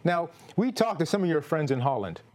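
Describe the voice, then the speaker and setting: A young man hosts a comedy talk show. His voice sits fairly high and swoops up and down as he tells stories. He jokes in a playful, deadpan way. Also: a little fast, a little hiss or hum. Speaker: host.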